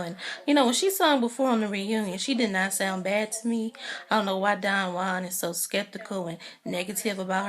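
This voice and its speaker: A young woman giving a casual, opinionated recap of a TV episode, acting out what people said and leaning on "you know" as she goes. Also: mid-range voice. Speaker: TV recap vlogger.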